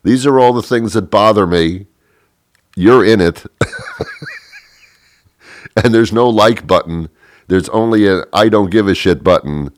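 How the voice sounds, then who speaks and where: Man, low voice, dry close sound, sarcastic rant, exasperated, shrill bursts of mock outrage. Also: slow, pauses often, no room sound. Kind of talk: comedic ranting monologue.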